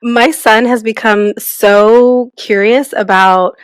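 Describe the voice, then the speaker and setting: A woman's voice: on the high side, steady tone, slow pace, clean tone, dry recording, poor audio. A woman who co-hosts a podcast, chatting casually in a rambling way with lots of fillers. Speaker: podcast co-host.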